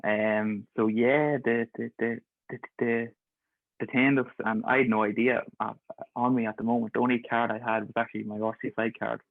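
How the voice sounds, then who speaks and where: A man's voice: medium pitch, flat delivery, normal speed, creaky, no echo. A man in his twenties tells his stories in a loose, chatty way and keeps breaking into laughter. He is heard over a video call that sounds thin and phone-like. The sound is dry, with no room around it. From Ireland. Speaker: guest, pharmacist. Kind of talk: casual storytelling.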